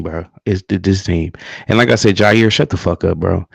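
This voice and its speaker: A man's voice: low-pitched, animated, moderate pace, vocal fry, dry recording. A man co-hosting a livestream, ranting heatedly in casual talk about his team, profane and repetitive. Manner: heated, profane, repeats himself. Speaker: livestream co-host. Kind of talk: profane casual sports rant.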